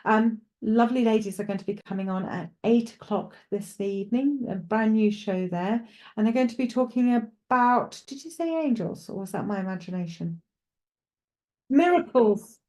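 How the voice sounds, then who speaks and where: Welsh lady medium on a live tv show, soft dark voice, rambly and reassuring. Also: medium pitch, normal speed. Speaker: psychic medium presenter. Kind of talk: live call-in reading on TV.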